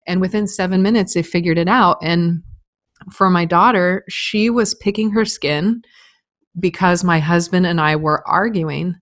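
A woman's voice: fairly low pitch, measured pace, no echo. A middle-aged woman telling a personal story as an interview guest, candid and earnest, with frequent filler words.

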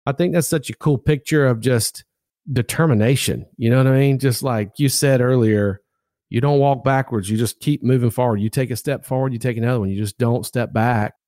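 A man's voice: medium pitch, brisk, dark tone, dry recording, clean studio sound. A man hosting a podcast interview, reflecting enthusiastically on his guest's story in a casual way. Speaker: podcast host. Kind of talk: interview commentary.

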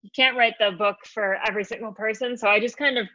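A woman's voice: a little high, fairly even intonation, quick pace, pushed and bright, dry recording, highs cut off. A woman author talking about her book in an interview, thoughtful and loose with fillers. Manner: thoughtful, with many fillers and restarts. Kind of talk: interview chat.

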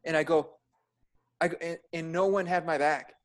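A man who works as an emergency room nurse, chatting casually on a podcast and telling stories in an animated way, full of fillers, his voice climbing high and loud when he gets worked up. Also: moderate pace.

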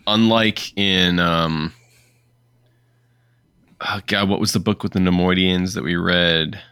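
A man co-hosting a podcast in relaxed, casual chat, often agreeing and searching for words. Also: sits low, takes it slowly, clear, resonant tone, no room sound, clean studio sound. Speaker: podcast co-host.

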